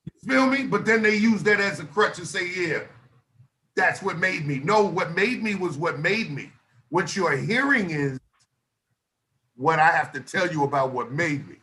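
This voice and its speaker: A man from Northern Illinois, a guest on a podcast, telling stories in animated casual talk with bursts of loud laughter. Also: high voice, moderate pace. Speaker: guest rapper.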